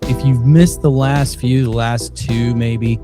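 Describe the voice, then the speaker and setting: A man's voice: mid-range voice, fairly even intonation, slow. Chatty man hosting a podcast over music. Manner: chatty, loose, with many fillers. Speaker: podcast host. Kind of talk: casual podcast intro. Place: indoors, recorded in Saint Louis.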